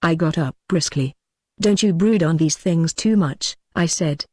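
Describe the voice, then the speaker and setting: A reader voicing a modest, musing Edwardian gentleman recounting his ghost encounter. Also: medium pitch, measured pace, no room sound, studio quality, lightly acted. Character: reflective Edwardian gentleman telling a ghost tale.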